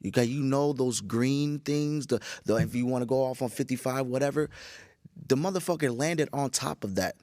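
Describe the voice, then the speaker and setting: A tired, groggy man hosting a casual solo podcast, rambling with profanity and animated storytelling. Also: medium pitch, moderate pace, no room sound, clean studio sound. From Chicago area. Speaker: podcast host.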